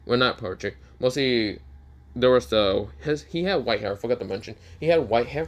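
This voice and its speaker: A man's voice: medium pitch, moderate pace. A man narrating an improvised fan story, full of fillers and restarts. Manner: hesitant, many fillers and restarts.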